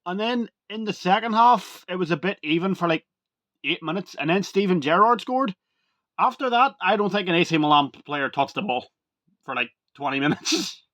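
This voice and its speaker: A young man talking casually to camera as a video reviewer, rambling and excitable, full of "like" and "literally". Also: high voice, moderate pace, dry recording.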